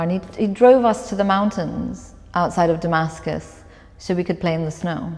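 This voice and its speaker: Woman, author, lower voice, reflective storytelling, laughs often, live event, long hall reverb. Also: moderate pace, few pauses, darkish tone. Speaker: author in conversation. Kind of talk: live onstage conversation, storytelling.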